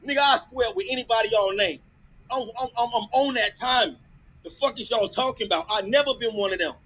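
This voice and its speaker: A man furiously yelling profane insults in an online audio chat room, speaking into a phone. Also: very high voice, fairly quick, poor audio. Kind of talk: heated argument.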